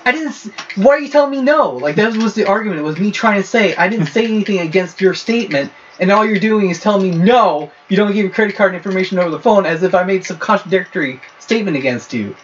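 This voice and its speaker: Young male let's-play host, rambling ranter, lightly raised pitch, muffled lo-fi audio with clear hiss. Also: lively intonation, fast, few pauses, a bit bright. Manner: rambling, ranting storyteller. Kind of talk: casual chat over gameplay. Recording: dull lo-fi with clear noise.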